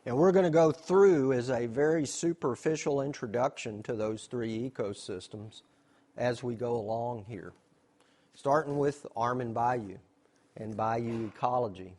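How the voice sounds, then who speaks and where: A man's voice: medium pitch, unhurried, darkish tone. Man giving a nature slideshow talk. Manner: explanatory, asks questions then answers them. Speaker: nature center staff presenter. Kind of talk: slideshow presentation.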